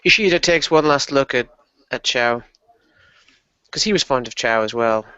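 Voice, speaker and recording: A man at a tabletop game speaks casually and offhandedly. His voice is bright and edgy. He sits a little away from the mic on a dull recording. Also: mid-range voice, expressive, moderate pace, a little hiss or hum. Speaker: player. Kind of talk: playing a character in a tabletop game.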